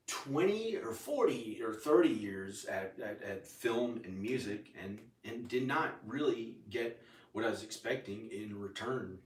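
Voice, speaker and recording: A man's voice: on the low side, echoey room, distant mic. A man talking in a casual, rambling monologue, repeating himself and filling gaps with ums and restarts. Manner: meandering, repeats himself, many fillers and restarts. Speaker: vlogger.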